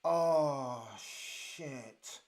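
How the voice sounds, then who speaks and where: Excitable man hosting a football watch-along. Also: medium pitch, drawn-out words. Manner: excitable, exclaims and repeats himself. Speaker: host. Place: studio.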